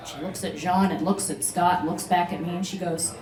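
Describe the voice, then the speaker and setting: A woman's voice: fairly low pitch, flat delivery, brisk, echoey room, crowd noise, low-quality recording. A woman telling a personal story to a live audience, chatty, with many fillers and restarts. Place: live venue, beach bar room.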